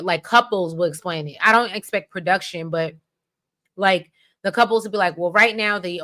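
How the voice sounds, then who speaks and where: A woman from the United States co-hosting a casual chat, talking in an animated, rambling, expressive way. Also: mid-range voice. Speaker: podcast co-host.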